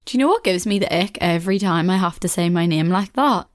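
A woman's voice: on the low side, expressive, fast talker. A young woman with a Belfast accent hosting a casual solo podcast, chatting in a rambling way with frequent laughs. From Northern Ireland. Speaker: podcast host.

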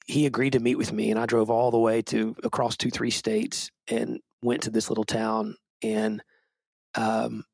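A man's voice: mid-range voice, gravelly, a little mellow, no echo. A man who is a pastor, talking earnestly and self-deprecatingly in a podcast conversation, often restarting his sentences. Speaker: pastor and book co-author.

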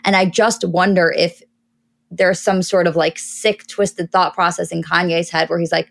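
A woman's voice: lowish voice, fairly even intonation, normal speed, vocal fry. A woman co-hosting a pop culture podcast, talking through her opinions at length in casual chat. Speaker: podcast co-host.

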